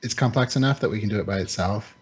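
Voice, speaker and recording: A man in a casual gaming chat who explains the rules calmly. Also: on the low side, fast talker, slightly rough. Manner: calm, explanatory.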